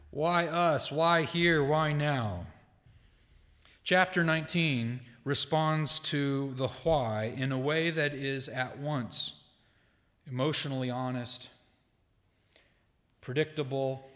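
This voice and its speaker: Slow-preaching man in a reverberant sanctuary. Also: fairly high pitch, a bit bright. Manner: measured, slow delivery with emphatic quoted lines; conversational asides to the congregation. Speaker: pastor. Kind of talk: sermon. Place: church sanctuary. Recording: long hall reverb.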